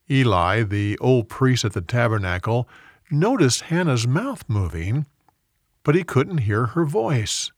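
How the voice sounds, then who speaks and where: A man reading a Bible story aloud in a clear, expressive storybook manner. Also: mid-range voice, unhurried, no echo, clean studio sound.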